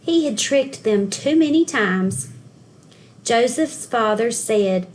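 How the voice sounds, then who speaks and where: A woman school counselor reading a children's storybook aloud, telling the story clearly and expressively for young children. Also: on the high side, animated, slow, a little mellow, a little hiss or hum.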